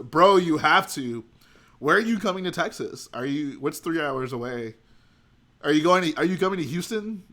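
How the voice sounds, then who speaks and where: A man's voice: a little high, expressive, normal speed, pushed and bright. A man hosting a livestream at home, chatting casually and thinking aloud as he builds. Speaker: livestream host. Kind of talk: casual chat while building.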